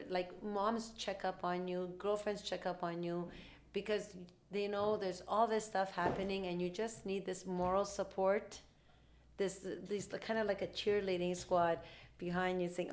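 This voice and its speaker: Woman, podcast host, casual storytelling, rapid animated delivery, acts out quotes, mid pitch. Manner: rapid, animated talk, acting out quoted dialogue. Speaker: mother.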